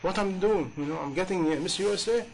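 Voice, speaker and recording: A man's voice: high-pitched, fast, creaky, a little mellow, rough recording. A man preaching a sermon in passionate, English, with many rhetorical questions. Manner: impassioned, rhetorical questions, non-native grammar.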